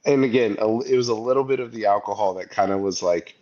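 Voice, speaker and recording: Talking fast in a muffled recording, this podcast co-host, a man in his thirties, tells a story in casual chat. He's an animated storyteller who acts out the people he quotes, and his voice sits on the low side.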